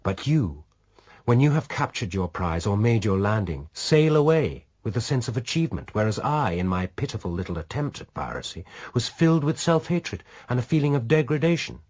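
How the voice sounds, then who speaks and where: A man's voice: mid-range voice, very animated, a little fast, a little mellow, voice pushed up. A male audiobook reader voicing a bored, spirited English noblewoman who argues earnestly with her companion. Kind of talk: audiobook reading.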